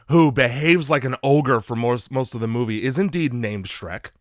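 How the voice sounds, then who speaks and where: A man co-hosting a movie podcast, mocking the film with animated, swearing humor. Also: mid-range voice, a little slow, dry recording, clean studio sound. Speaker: podcast co-host. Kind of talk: casual movie-review banter.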